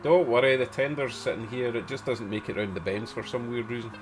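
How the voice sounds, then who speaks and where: A man's voice: medium pitch, fairly even intonation, fairly quick, music in the background. Chatty Glaswegian man streaming live. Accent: Glaswegian Scottish. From Scotland. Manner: chatty, reads out chat comments, chuckles to himself. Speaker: model railway livestream host. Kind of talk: casual live-stream chat.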